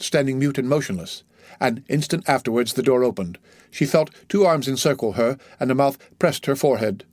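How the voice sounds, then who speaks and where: Dry, measured male audiobook narrator. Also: medium pitch, dry recording. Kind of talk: scripted narration of a classic novel.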